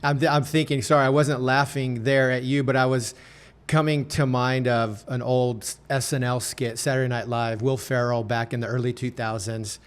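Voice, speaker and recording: A man's voice: mid-range voice, little pitch movement, moderate pace, clear, resonant tone. A chatty man hosts a podcast conversation in a mid-range voice. He tells stories with frequent restarts and keeps the exchange moving with his guest. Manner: chatty, laughs while telling stories, self-interrupting. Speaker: podcast host.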